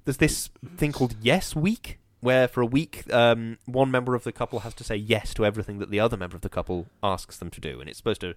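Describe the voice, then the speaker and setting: A man chatting casually as a podcast co-host, telling an animated story full of ums and restarts. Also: medium pitch, quick pace, few pauses, no room sound. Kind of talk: casual chat. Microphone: on camera, close mic.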